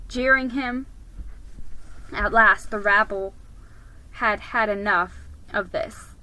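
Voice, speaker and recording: A woman reading a story aloud, unhurried, with occasional slips and restarts. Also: a little high, sharp tone, low-quality recording. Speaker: reader.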